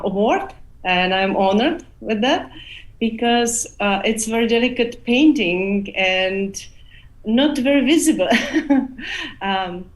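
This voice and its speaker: Woman artist on a video call, slow and soft-spoken, keeps pausing to find words. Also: a little high, low-quality recording. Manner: gentle, hesitant, searching for words. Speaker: award-winning artist. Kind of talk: casual thank-you remarks.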